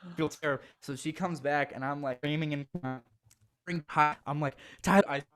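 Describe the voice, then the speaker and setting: A man's voice: on the high side, moderate pace, faint music behind. Young man telling a story animatedly. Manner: animated, laughing, acts out quotes. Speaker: guest. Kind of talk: casual storytelling.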